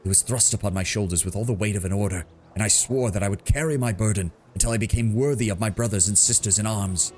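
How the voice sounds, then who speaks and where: A man's voice: lowish voice, fast talker, few pauses, a little mellow, faint music behind, natural voice. A man voicing a guilt-ridden male soldier captain, speaking in a solemn, bitter tone. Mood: somber.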